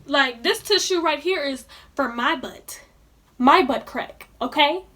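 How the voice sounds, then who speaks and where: A woman's voice: high-pitched, lively intonation, measured pace, pushed and bright. A young woman telling a storytime vlog in colloquial speech, indignantly ranting straight to her viewers. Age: young adult. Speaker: vlogger.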